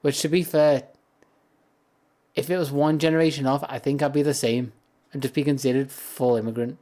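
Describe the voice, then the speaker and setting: A British man talks casually while streaming a game, drifting from one thought to the next and laughing at his own asides. His voice sits at an ordinary middle pitch, and he speaks from a home setup into a desk microphone. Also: steady tone, moderate pace, dark tone. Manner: rambling, self-amused, laughs often. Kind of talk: casual chat while gaming.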